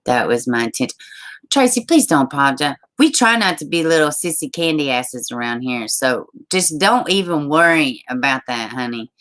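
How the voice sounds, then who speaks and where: A woman hosting a casual live stream, reading news stories and viewer comments aloud, chatty and quick to laugh. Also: extremely low pitch, animated, a bit bright. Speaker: livestream host.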